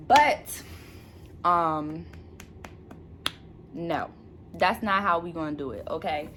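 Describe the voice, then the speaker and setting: Her voice sits low and moves slowly, yet sounds pushed and bright as she chats excitedly about her new book, laughing often. It's a casual solo vlog recorded on the camera mic indoors at home, with slight background noise.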